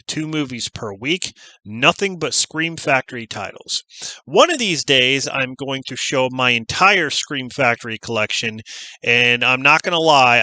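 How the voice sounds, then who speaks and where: Guy rambling about his horror movie week, bright voice, super dry close mic. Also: mid-range voice, dry recording, rough recording. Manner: rambling, enthusiastic, lots of fillers and restarts. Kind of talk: casual chat.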